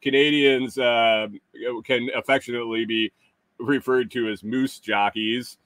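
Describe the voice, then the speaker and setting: A middle-aged man hosting a casual live stream, reading chat comments aloud and teasing viewers with chuckles and halting restarts. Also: medium pitch, steady tone, a bit bright, no room sound.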